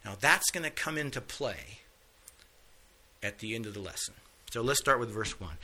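A man leads a Bible lesson, retelling scripture stories in a casual, folksy way and tossing off the characters' lines in plain speech. His voice is very bright and his pitch sits in the middle of a man's range. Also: expressive, a little slow. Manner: folksy storytelling, acts out quotes casually. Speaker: Bible teacher.

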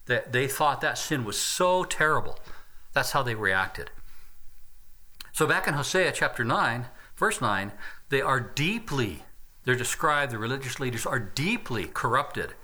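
A man's voice: medium pitch, sing-song, measured pace, bright, forceful tone. A man preaching an expository sermon, reading Bible verses aloud and breaking in with his own asides.

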